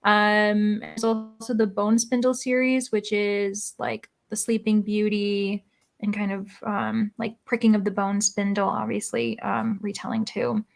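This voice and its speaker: A woman's voice: medium pitch, level tone, a little slow, vocal fry. A young woman hosting a reading livestream, chatting casually and reading out chat messages with many likes and ums. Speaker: host of a livestreamed reading sprint.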